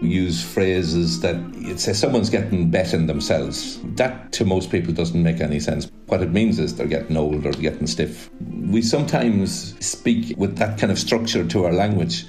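A man from County Leitrim with a Leitrim Irish accent, a writer and actor musing slowly in an interview with some hesitations. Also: deep voice, darkish tone. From County Leitrim, Ireland. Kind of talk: reflective interview talk. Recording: guitar music underneath.

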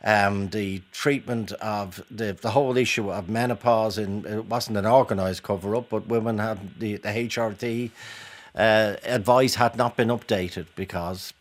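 A man hosting a radio phone-in, with a voice that sits low. He talks in halting bursts, restarting his sentences and gently probing his callers. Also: steady tone.

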